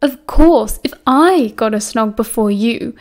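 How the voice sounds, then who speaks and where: A woman's voice: on the high side, animated, a little slow. A woman reading as James, a sly cheeky schoolboy. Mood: teasing. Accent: British. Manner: sly, playful. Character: scheming teenage wizard boy, cheeky and sly.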